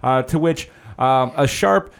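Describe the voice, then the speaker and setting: A man's voice: medium pitch, slow pace, vocal fry, smooth. A man hosting a casual comedy podcast, joking and laughing often while telling silly made-up stories. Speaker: podcast host.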